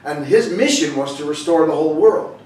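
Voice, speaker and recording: Retelling scripture in a conversational sermon, a man keeps stopping and starting over. His voice is on the high side, expressive and a little mellow, and he speaks briskly, recorded from a distance in a very echoey sanctuary hall.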